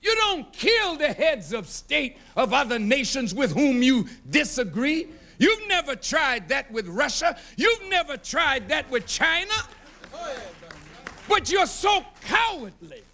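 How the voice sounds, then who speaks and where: A man from the United States giving an impassioned award speech with a preacher-like cadence that rises to shouts. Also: very high voice, sing-song, unhurried, few pauses, a little hiss or hum. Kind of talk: fiery public oratory. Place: banquet hall at an awards dinner.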